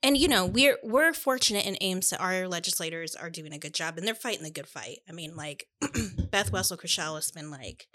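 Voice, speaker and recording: A woman's voice: lowish voice, lively intonation, moderate pace, few pauses, a bit bright. A middle-aged woman from Iowa, co-hosting a casual podcast chat, earnest and chatty with lots of fillers. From Iowa, United States. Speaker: podcast co-host, bookstore owner.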